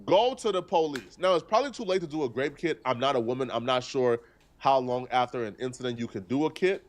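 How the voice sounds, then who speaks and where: A man's voice: medium pitch, lively intonation. A man streaming live, talking through a news story earnestly and point by point. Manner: earnest, deliberate, argues point by point.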